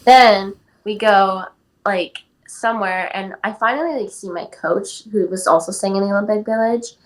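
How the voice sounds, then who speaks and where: A woman's voice: mid-range voice, moderate pace, poor audio. Give me an eighteen-year-old woman from California, chatting as a podcast guest with plenty of "like" and "um". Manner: chatty, many "like" and "um" fillers. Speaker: guest athlete. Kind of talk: casual interview storytelling.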